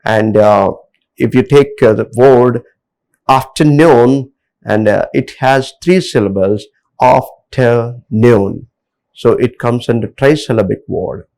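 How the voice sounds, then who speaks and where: This is a middle-aged man with an Indian English accent, lecturing a class. His voice has a gravelly, creaky edge at a middle pitch, and he talks haltingly, filling his pauses with frequent hesitations. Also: darkish tone, low-quality recording. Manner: halting, many filler pauses.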